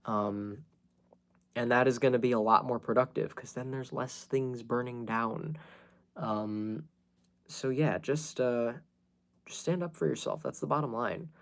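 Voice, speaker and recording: A man's voice: mid-range voice, unhurried. A man ranting casually to camera as a vlogger, blunt and frank, swearing freely and talking with many fillers and restarts. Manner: earnest and self-advising.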